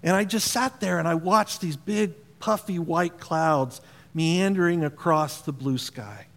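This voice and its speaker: Pastor preaching in a reverberant hall. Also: male voice, on the high side, measured pace, creaky. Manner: conversational, asks the congregation questions. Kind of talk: sermon. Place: church auditorium.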